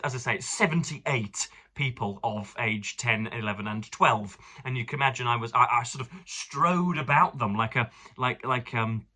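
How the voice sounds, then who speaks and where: A man's voice: mid-range voice, sharp tone. A young man from England rambling through a casual book vlog, digressive and fond of elaborate words. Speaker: book reviewer.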